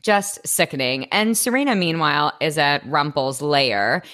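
A woman co-hosting a podcast, recapping an episode in casual chat, animated and giggly with frequent swearing. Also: low voice, measured pace. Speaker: podcast co-host.

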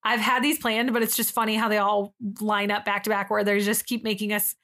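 A woman's voice: mid-range voice, flat delivery, a little fast, fairly bright tone. A young woman co-hosting a podcast, telling a funny story in casual chat, acting out quotes and swearing now and then. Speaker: podcast co-host.

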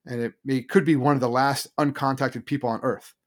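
A man in a casual podcast chat, racing through a story with loose phrasing and plenty of fillers. His pitch sits in a middle range, and he talks at a quick clip. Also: steady tone. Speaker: podcast co-host.

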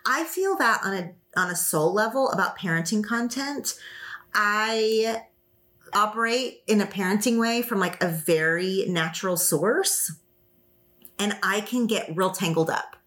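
A woman's voice: medium pitch, measured pace, fairly bright tone. A woman hosting a podcast, talking in a thoughtful, conversational way. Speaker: podcast host. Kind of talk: casual book chat.

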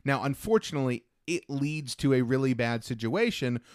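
A young man co-hosts a podcast about films, chatting casually and enthusiastically while acting out quoted lines. His medium-pitched voice has lively intonation and a moderate pace, recorded at studio quality with no echo.

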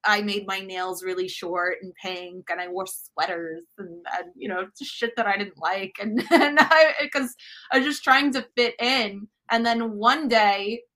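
A woman in her thirties, a cooking show host, chatting as an interview guest in an animated, self-deprecating way. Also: mid-range voice, unhurried. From United States. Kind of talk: casual interview chat.

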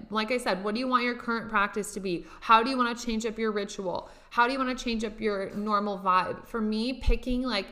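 A woman's voice: medium pitch, sharp tone. A young adult woman, a spiritual coach, talking casually and motivationally to her listeners, with lots of filler words and casual swearing.

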